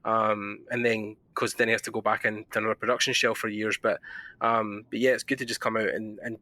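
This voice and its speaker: A man with a Scottish accent hosting a podcast interview, chatting casually and telling animated stories. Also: fairly low pitch, a little fast, no echo. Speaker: podcast host.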